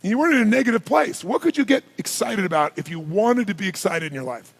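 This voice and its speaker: Addressing a live seminar audience, a motivational speaker uses a high, gravelly, raspy voice that swoops across its whole range. He commands the crowd with rapid-fire rhetorical questions, building from low intensity to shouted hype in an animated delivery. The recording quality is low.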